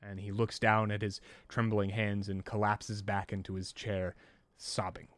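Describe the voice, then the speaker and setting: A man running a tabletop role-playing game as game master, narrating scenes in a relaxed way with fillers. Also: fairly low pitch, measured pace, no room sound.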